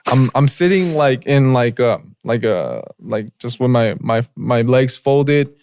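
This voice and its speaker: A man's voice: medium pitch, lively intonation, a little slow, a little mellow, no room sound. A young man co-hosting a podcast, telling a story in casual slangy chat with lots of filler words and "bro". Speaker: podcast co-host.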